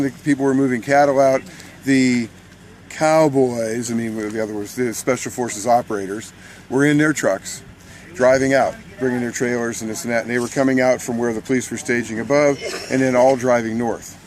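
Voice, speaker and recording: A militia member excitedly recounts a protest outdoors in animated first-person storytelling, restarting and repeating words and laughing mid-sentence. His voice is medium-pitched at a normal speed, with slight background noise.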